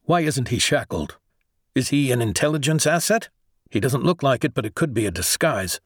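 A man's voice: mid-range voice, lively intonation, normal speed, breathy edge, no echo, studio quality. A man voicing an agitated male navy lieutenant trapped in a robot body, with demanding, clipped military speech.

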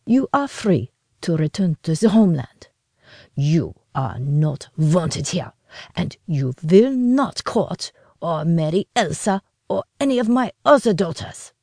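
A woman voicing a gruff, domineering middle-aged father who speaks slowly and commandingly. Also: animated, warm tone, no room sound, studio quality, exaggerated voice. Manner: slow, commanding, booming.

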